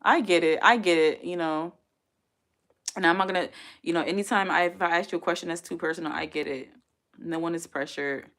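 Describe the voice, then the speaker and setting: Casual woman streamer, lowish voice, loose and rambling, reading out comments. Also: steady tone, fairly quick, fairly bright tone. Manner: chatty, rambling, reads comments aloud. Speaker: livestream host. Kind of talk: casual live-stream chat.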